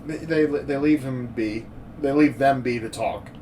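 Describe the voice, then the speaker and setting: A man co-hosting a casual movie review podcast, rambling and animated and laughing often as he recaps scenes. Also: mid-range voice, measured pace, far from the mic, slight background noise. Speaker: podcast co-host.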